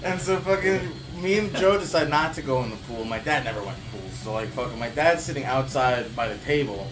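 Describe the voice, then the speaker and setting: A man telling a crude, swear-filled story in a casual comedy chat, animated and quick to act things out. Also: medium pitch, music in the background.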